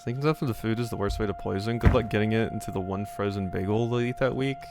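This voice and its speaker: A man's voice: on the low side, fast talker, noisy background. A young man live-streaming a game, chatting casually with his viewers in a rambling, jokey way, swearing and reading game text aloud. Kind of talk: casual live-stream chat while gaming.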